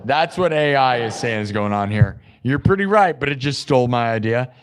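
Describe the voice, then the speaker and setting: A man's voice: medium pitch, a little fast, smooth. A man hosting a music livestream, rambling and joking casually with his chat. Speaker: livestream host.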